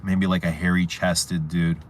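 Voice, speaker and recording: A man's voice: low-pitched, level tone, unhurried, a little hiss or hum. A man hosting a fragrance livestream, chatting casually, rambling and repeating himself as he answers viewer questions. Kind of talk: casual livestream chat reading viewer comments.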